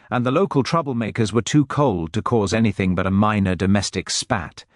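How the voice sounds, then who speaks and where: A man reading a mystery story aloud in steady, scripted narration. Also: fairly low pitch, no room sound, studio quality.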